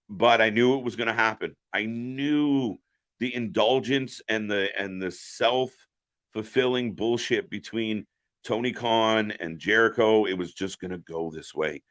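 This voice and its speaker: Bright-voiced ranting man, live reaction host. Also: on the low side, unhurried. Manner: opinionated, ranting, profane.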